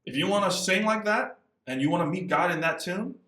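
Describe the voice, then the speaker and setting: A man, a missionary guest, talking casually in an interview, lively and acting out little quotes as he goes. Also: fairly quick, roomy sound, far from the mic. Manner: animated, acts out voices and quotes with big pitch jumps.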